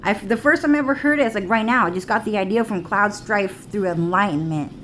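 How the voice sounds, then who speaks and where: A young woman talking straight to her camera in a meandering, stream-of-thought vlog. Her speech is casual and profane, packed with "like" and "dude". Her voice sits at a middling pitch for a woman, with a faint bit of room noise behind her. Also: brisk, fairly bright tone. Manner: rambling, heavy swearing, lots of "like" and "dude". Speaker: vlogger. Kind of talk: rambling casual monologue.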